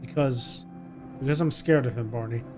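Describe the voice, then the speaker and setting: A man voicing a frightened young mother who talks to her little son in a hushed, soothing way, reading game dialogue aloud. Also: mid-range voice, normal speed, over music, lightly acted. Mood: hushed, coaxing. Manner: hushed and soothing, coaxing a child.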